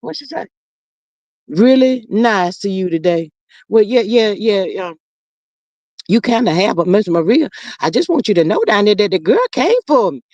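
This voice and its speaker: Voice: medium pitch, lively intonation, normal speed, a little mellow, no echo, dull audio, natural voice. A performer playing a sassy gossiping woman persona, reading viewer comments on a livestream and calling everyone honey and child. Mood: gossipy. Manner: dramatic, playfully threatening. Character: sassy gossiping woman persona, Miss Marlene, quick to clap back. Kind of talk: live chat.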